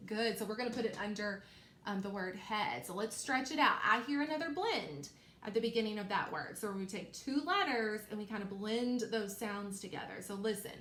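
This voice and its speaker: A woman teacher leading a recorded phonics lesson for young children, stretching out words slowly and checking in with frequent okays. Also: medium pitch, a bit bright. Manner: slow, exaggerated sounding-out of words. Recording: echoey room with faint noise.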